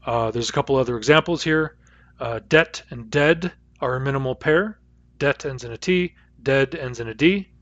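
In this recorded lecture, a man with a West Coast North American accent teaches linguistics, patiently walking through sounds and voicing them as examples. He talks at an ordinary pace in a medium-pitched, slightly bright voice. The audio is flat and dry, with no room echo.

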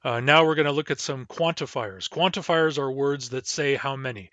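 In a recorded language lesson, a male teacher with a mid-range, slightly bright voice spells out and slowly repeats each word, explaining how it is pronounced. His manner is measured, and the audio is dull with no echo.

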